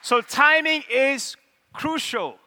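Male pastor, high bright voice, lively sermon delivery with call-and-response, church hall reverb. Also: slow, some chatter behind, slight background noise. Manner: animated, call-and-response with the congregation.

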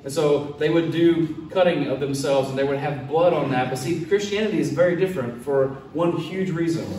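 Speaking fairly quickly in a voice on the high side, this pastor gives a relaxed sermon, recounting a story and voicing each quote in character. There's a little hiss or hum, faint ambience, and echo from a room captured by a distant mic.

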